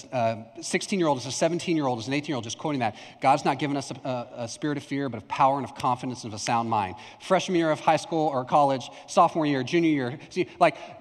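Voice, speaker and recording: A young adult male pastor from Texas preaching a conversational sermon, telling a personal story and acting out remembered lines. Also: high-pitched. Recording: long hall reverb.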